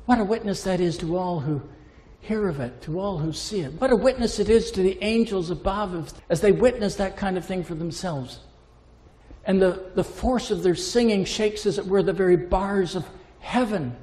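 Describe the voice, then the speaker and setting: A man with a high, mellow voice preaches a sermon in a hall with a long reverb. He swings from emphatic, impassioned peaks down to low, hushed lines. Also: normal speed.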